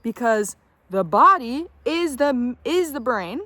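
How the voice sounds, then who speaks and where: A woman's voice: on the high side, lively intonation, slow pace, bright, forceful tone, dry recording. Blunt young woman, dry close sound. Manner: blunt, emphatic, swears casually, keeps asking "okay?". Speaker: self-help vlogger. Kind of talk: casual motivational talk to camera.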